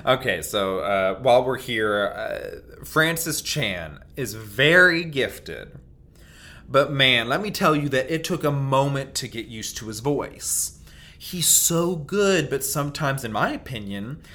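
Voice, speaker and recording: A man's voice: mid-range voice, bright, forceful tone. A man who preaches, hosting a podcast in a candid, self-deprecating way. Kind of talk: casual podcast monologue.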